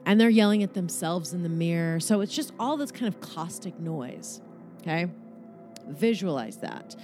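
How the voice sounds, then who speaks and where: Woman leading a guided meditation, low voice, casual, joking, swears, faint music behind. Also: lively intonation, moderate pace.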